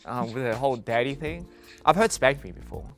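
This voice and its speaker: A man's voice: mid-range voice, a little fast, faint music behind. A man reading fan tweets aloud and reacting to them, amused and bashful, laughing often.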